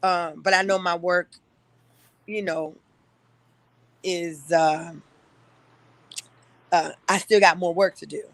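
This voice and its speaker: A woman in her fifties giving an earnest, halting personal testimony to her church. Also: fairly low pitch, steady tone, dry recording. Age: 50s. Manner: earnest, halting, with frequent pauses. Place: livestreamed church gathering.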